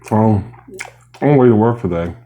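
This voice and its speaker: A man's voice: fairly low pitch, lively intonation, normal speed, phone-quality sound, slight background noise. A man vlogging while he eats, chatting casually and rambling between bites. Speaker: mukbang vlogger. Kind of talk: casual chat while eating.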